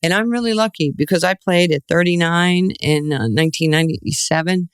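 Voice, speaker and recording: A woman in her sixties from New York, a guest telling lively stories in an interview and acting out the voices in them. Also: lowish voice, brisk, smooth, dry recording, clean studio sound. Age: 60s. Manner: animated storyteller, acts out quoted voices, laughs often. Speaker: guest, former basketball player. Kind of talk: storytelling interview.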